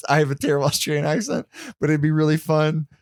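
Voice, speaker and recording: A male comedian guest on a podcast, speaking in a clear, smooth voice. He laughs often and lets sentences trail off as he chats. The sound is dry and close, with no room echo. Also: fairly high pitch, a little fast, a little mellow. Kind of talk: casual podcast chat.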